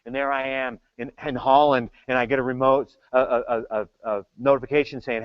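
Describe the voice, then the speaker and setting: A middle-aged man giving a tech talk, telling stories in an animated, joking way. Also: medium pitch, a little fast, few pauses, no room sound, dull audio. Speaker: tech speaker. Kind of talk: storytelling keynote talk.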